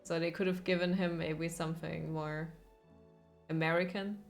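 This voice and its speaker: A woman's voice: fairly low pitch, steady tone, moderate pace, creaky, faint music behind. A woman streaming a video game, chatting casually and playfully with her viewers and laughing often. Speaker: gaming streamer. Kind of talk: casual live-stream commentary over gameplay.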